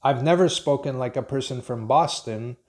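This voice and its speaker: A man with an American accent, from Pennsylvania, giving an unscripted English lesson in a slow, thoughtful way with many pauses and restarts. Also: medium pitch, a little mellow. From Pennsylvania, USA. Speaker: English teacher.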